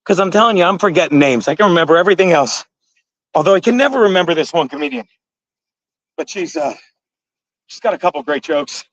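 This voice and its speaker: A man's voice: a little high, lively intonation, fast talker, long pauses, a bit bright, no room sound. Profane, rambling middle-aged man livestreaming. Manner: rambling, profane, laughs at his own jokes. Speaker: comedian livestream host. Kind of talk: casual chat to a live chat while jump roping. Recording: dry, dull lo-fi sound.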